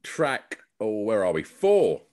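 Podcast host guy, really low voice, easygoing questions. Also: huge pitch swings, slow pace, a little mellow, slight background noise. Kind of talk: casual interview chat.

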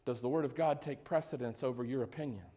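A man's voice: mid-range voice, fast talker, warm tone. A male pastor preaching a sermon in a conversational way, with joking asides and frequent questions to the congregation.

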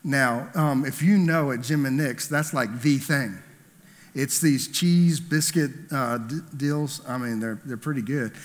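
A man's voice: mid-range voice, unhurried. A man, the pastor, preaching a conversational sermon, telling a story and asking the congregation questions. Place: church hall. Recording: long hall reverb.

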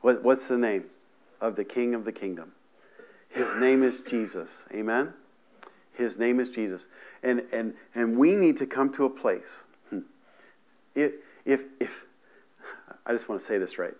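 A man's voice: medium pitch, moderate pace, pauses often, darkish tone. A man preaching a sermon from a living room to a camera, often restarting his sentences and checking in with "amen" and "right". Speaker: pastor. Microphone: camera in front of him, seated on a stool.

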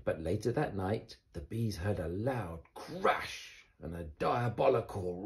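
Man, children's bedtime story reading, gentle, unhurried, lively pitch. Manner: gentle, expressive read-aloud.

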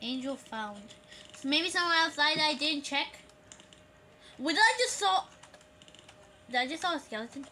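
Excitable high-voiced woman gaming. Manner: excitable, shrieks and laughs, repeats words rapidly. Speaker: gaming video creator. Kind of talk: casual gameplay commentary.

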